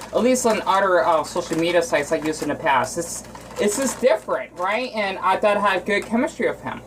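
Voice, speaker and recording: A man's voice: high voice, expressive, fairly bright tone, slight background noise, low-quality recording. Rambling man from Arizona, cooking vlog. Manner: rambling, emotional, halting with restarts. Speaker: vlogger.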